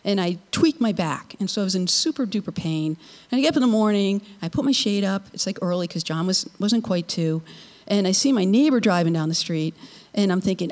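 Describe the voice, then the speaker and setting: A woman's voice: mid-range voice, lively intonation, fairly quick, darkish tone. Middle-aged woman telling her faith story to a crowd, conversational and emotional, long echo in the hall. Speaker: speaker sharing a personal testimony. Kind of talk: personal faith testimony to an audience.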